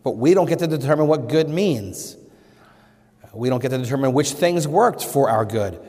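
A man's voice: medium pitch, animated, normal speed, a little mellow. A man preaching a sermon, earnest, lifting his voice when quoting scripture. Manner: earnest, rising emphatically on scripture quotes. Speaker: pastor. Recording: long reverb of a hall.

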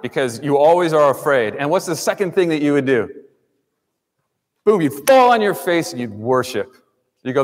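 A man preaching a sermon to his congregation in a church sanctuary. His voice sits at a middling pitch, swinging between emphatic rises and quiet drops as he speaks. The sound carries a long reverb from the large room. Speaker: pastor.

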